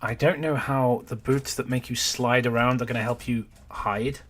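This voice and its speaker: A man's voice: medium pitch, steady tone, normal speed. Sardonic man critiquing footage. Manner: sardonic, critical, swears casually. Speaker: reaction video host. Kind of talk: sarcastic reaction commentary.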